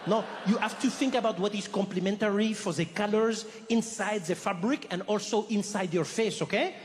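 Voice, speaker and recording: Brief: haughty French clerk, high-pitched and blunt, put on by a male comic. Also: normal speed, big-room sound, slight background noise, close to an everyday voice. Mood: condescending. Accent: mock French. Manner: blunt, condescending, ends with "no?" and "okay?". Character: snooty French male shop assistant.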